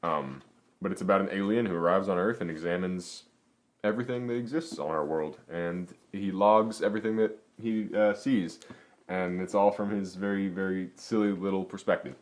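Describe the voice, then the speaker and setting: A man's voice: deep voice, normal speed. A young man hosting a vlog, chatting enthusiastically and casually with frequent restarts and fillers. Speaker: vlog host. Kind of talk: casual book review chat.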